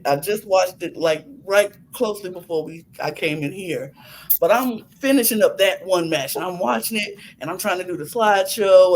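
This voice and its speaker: A young woman on a podcast recapping a wrestling match in animated casual chat, acting out her own gasps and laughs. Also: fairly low pitch, rough recording. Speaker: podcast co-host.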